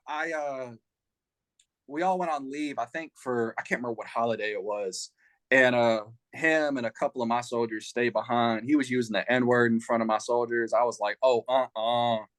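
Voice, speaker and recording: A man from Louisiana with a Southern accent, an Army veteran guest telling lively stories in a casual interview. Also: mid-range voice, moderate pace, no room sound. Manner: animated, laughing storyteller. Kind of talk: casual storytelling.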